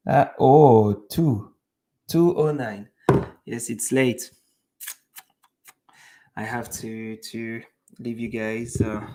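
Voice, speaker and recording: A man's voice: mid-range voice, slow, pauses often. A young man hosting a live stream, chatting casually with his viewers and reading comments, laughing often between many fillers.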